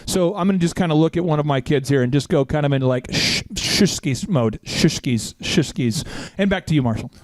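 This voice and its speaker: A man from Oklahoma hosts a business podcast, talking at a rapid clip in a high, bright register. He fires off hyped bursts and playful shouts. The studio sound is dry and close. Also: dry recording. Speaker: podcast host, business coach. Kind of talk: energetic podcast banter.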